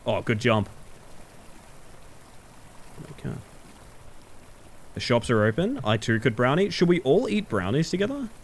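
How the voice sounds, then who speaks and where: A man streaming a game live, chatting with his viewers, excitable, swearing and yelping at every surprise. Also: mid-range voice, unhurried, pauses often, slight background noise. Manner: chats with viewers.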